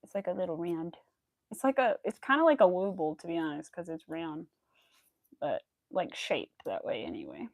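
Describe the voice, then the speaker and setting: A woman's voice: on the low side, big pitch swings, moderate pace, gravelly, no echo. A young woman chatting casually and rambling with fillers while she crochets on a livestream. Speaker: crochet streamer.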